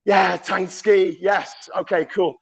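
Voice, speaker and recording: A man live streaming at a crowded party, cheering, shouting greetings and chatting excitedly, getting hoarse. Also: high-pitched, takes it slowly, no echo, dull audio. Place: crowded indoor party venue.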